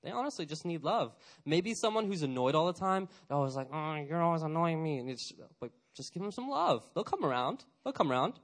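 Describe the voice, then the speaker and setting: A young man in his twenties giving a casual, energetic youth sermon, chatty and full of fillers, acting out little quotes. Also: fairly high pitch, brisk, hardly any pauses. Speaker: youth pastor.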